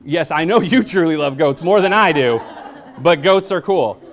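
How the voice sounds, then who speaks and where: A blunt, joking man giving a staff training talk. His pitch swings in a lively way as he tells stories. He keeps asking the audience questions. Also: normal speed. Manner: asks the audience frequent questions. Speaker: workshop presenter.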